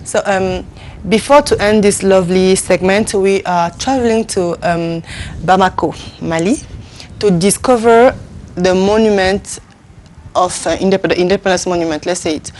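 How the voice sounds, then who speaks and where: A woman teaching French pronunciation on a TV segment, slowly repeating words for viewers to echo. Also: mid-range voice, steady tone, darkish tone, a little hiss or hum. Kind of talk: TV language lesson.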